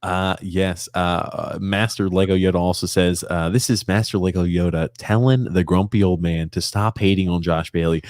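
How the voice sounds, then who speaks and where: A man's voice: sits low, steady tone, normal speed, hardly any pauses, a little mellow, no echo, studio quality. A man hosting a sports podcast who reads out listener comments in chatty, casual talk. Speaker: podcast host.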